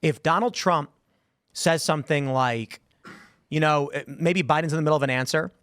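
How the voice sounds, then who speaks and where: A man's voice: a little high, moderate pace, dry recording, clean studio sound. Emphatic man chatting on a panel show. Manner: emphatic, repeats words when excited. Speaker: show host. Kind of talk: casual panel chat.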